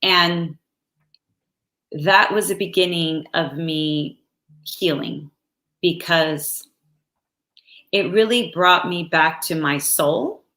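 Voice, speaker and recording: Woman interview guest, unhurried and soft-spoken, bright slightly low voice, echoey room. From United States. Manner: slow, soft-spoken and halting. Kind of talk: reflective personal storytelling.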